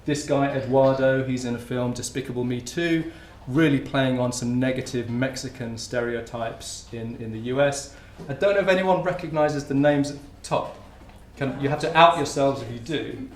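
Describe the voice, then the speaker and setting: A man's voice: medium pitch, moderate pace, few pauses, a little hiss or hum. A man giving a conference talk in a lecture room, in an informal, conversational way. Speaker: academic speaker. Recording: roomy lecture hall with faint ambience.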